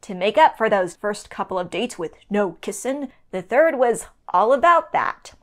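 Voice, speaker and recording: A woman's voice: mid-range voice, lively intonation, moderate pace. Wry woman reading a show recap. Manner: wry, laughs between lines. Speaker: recap podcast co-host.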